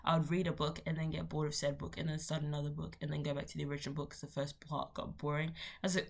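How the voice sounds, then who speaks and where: This young adult vlogger talks quickly in a low, creaky, flat voice with barely a pause. Her casual monologue wanders, jumps topics, cuts itself off, and is packed with slangy, playful asides.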